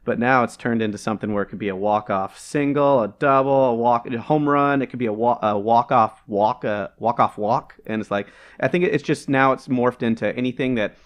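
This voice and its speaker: A man co-hosting a casual podcast, talking at an ordinary middle pitch. He rambles through his points, restarting sentences and laughing as he goes. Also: a little fast, hardly any pauses. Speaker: podcast co-host. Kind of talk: casual chat.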